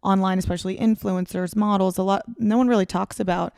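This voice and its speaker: A woman's voice: mid-range voice, steady tone, fast talker, creaky, a little mellow, clear, resonant tone, dry recording, clean studio sound. A woman hosting a podcast, chatting casually, laughing along and asking follow-up questions. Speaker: podcast host.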